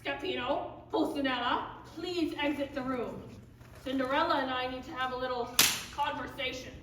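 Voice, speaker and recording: A woman putting on a wicked stepmother in a stage farce, drawling and sugary one moment, cold and commanding the next. She sounds far from the mic in a very echoey hall, with room noise clearly behind. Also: high voice, steady tone, normal speed, natural voice. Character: doting cruel middle-aged stepmother. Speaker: stage actor. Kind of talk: live stage comedy.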